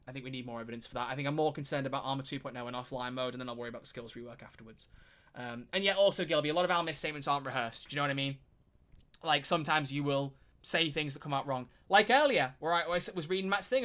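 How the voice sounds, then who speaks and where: A man streaming live, talking in casual commentary with animated, rambling energy and frequent swearing. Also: on the high side, very fast.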